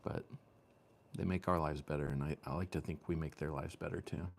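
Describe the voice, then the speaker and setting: A man with a very low voice talks casually on his home stream. He rambles, trails off and restarts, filling the gaps with ums. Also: fairly even intonation, brisk, gravelly, a little hiss or hum. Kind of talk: casual chat. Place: home room with fan and lights.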